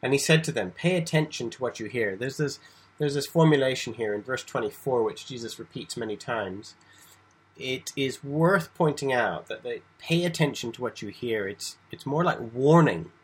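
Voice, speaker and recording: Husky-voiced man teaching scripture. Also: medium pitch, animated, normal speed, rough recording. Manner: conversational, with frequent restarts and asides. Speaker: Bible teacher. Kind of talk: informal Bible lecture.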